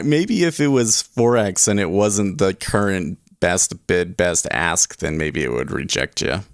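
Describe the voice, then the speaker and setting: A man's voice: low voice, gravelly, dry recording. Dry-voiced man chatting on a trading livestream. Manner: rambling, chuckling, reads chat aloud. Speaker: day trading livestream host. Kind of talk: casual livestream chat.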